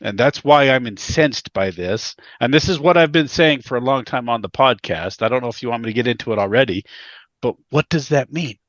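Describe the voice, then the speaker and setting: A man's voice: mid-range voice, animated, brisk, dry recording, dull audio. A man co-hosting a podcast, talking casually with emphatic, indignant repetition of his points. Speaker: podcast co-host.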